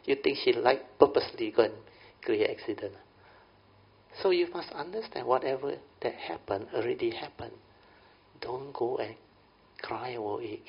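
Middle-aged Malaysian-English man, Buddhist teacher, gravelly voice, folksy Dhamma talk, lo-fi recording. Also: medium pitch. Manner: folksy, often checks in with "understand?". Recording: dull lo-fi recording.

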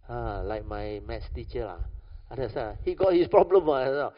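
In an echoey hall with a dull, lo-fi sound, a Malaysian-accented man of medium pitch gives an informal Buddhist dharma talk at a moderate pace. He's animated and conversational, telling stories and repeatedly asking "understand or not?" to check that listeners follow.

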